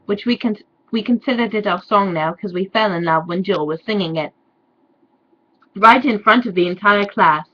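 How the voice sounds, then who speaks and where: A woman giving a sarcastic dramatic reading with deadpan, mocking asides. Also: medium pitch, normal speed, highs cut off. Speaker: reader and commentator.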